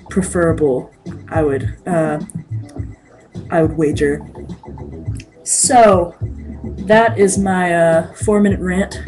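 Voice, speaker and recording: A woman's voice: fairly low pitch, a little mellow, poor audio. A woman ranting casually to camera in a late-night vlog, rambling and hesitant with frequent filler words. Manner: rambling, hesitant, many ums and restarts.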